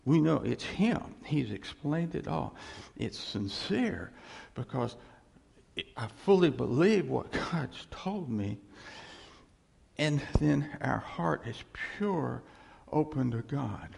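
A man's voice: mid-range voice, sing-song, slow, gravelly, darkish tone, breathy edge, long reverb tail. A man preaching a sermon on scripture, emphatic and repetitive, asking the congregation for responses. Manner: emphatic, repeats phrases, calls for audience response.

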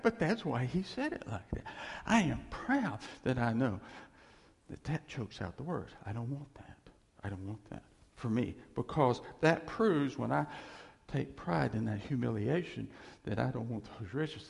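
A man's voice: mid-range voice, sing-song, moderate pace, creaky. A man preaching a conversational, emphatic sermon, acting out quoted voices. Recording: reverberant hall.

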